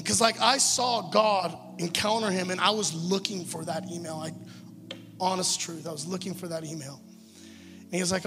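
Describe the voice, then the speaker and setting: Male pastor, high-pitched, earnest and conversational sermon delivery, recorded in a reverberant church hall over faint music. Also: brisk. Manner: earnest, conversational preaching with stumbles.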